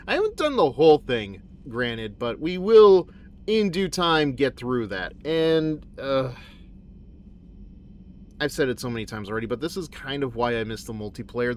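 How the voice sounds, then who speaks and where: A man streaming a game who talks in a rambling, animated way and often corrects himself mid-sentence. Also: medium pitch, a little hiss or hum. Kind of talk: casual game commentary.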